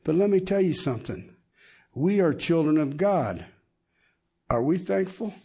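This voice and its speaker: A man's voice: fairly high pitch, lively intonation, measured pace, mellow, slightly rough. A middle-aged man preaching a sermon, emphatic and asking the congregation questions.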